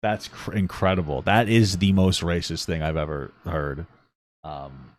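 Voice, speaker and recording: Joking and animated, this podcast co-host chats sarcastically as he responds to a clip. He speaks at a measured pace, his voice sitting low.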